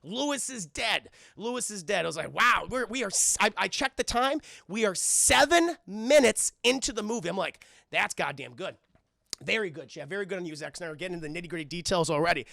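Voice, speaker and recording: Gravelly, profane streamer recapping a film. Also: male voice, high-pitched, quick pace, few pauses, no room sound, studio quality. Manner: profane, animated, addresses his chat constantly.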